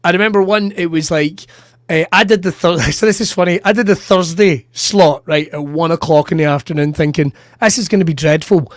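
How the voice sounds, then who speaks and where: A man with a notably high voice, telling stories in casual podcast chat. He swears freely, mocks himself and laughs as he goes. The sound is close and dry. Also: brisk, dry recording. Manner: sweary, self-mocking, laughs through his stories. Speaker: comedian and podcast host.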